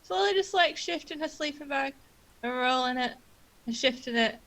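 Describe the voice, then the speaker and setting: A player describing a character's action slowly and slyly. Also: high voice, lively intonation, creaky, fairly bright tone. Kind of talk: tabletop game chat.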